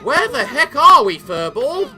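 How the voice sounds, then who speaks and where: A woman voicing a brash, cheeky little male companion who teases and gets excited. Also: sits high, a little slow, pitched above the performer's own voice. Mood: cocky. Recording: game music behind.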